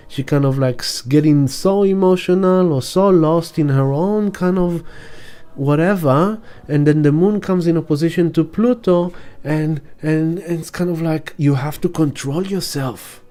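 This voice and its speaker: A man giving a casual weekly astrology talk in a reflective, halting way, with fillers and restarts. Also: a little high, mellow. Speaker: astrologer and sound healer.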